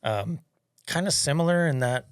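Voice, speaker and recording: A man hosting a podcast interview, talking in a relaxed, conversational way with fillers. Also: a little high, normal speed, smooth, no room sound, studio quality. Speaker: podcast host.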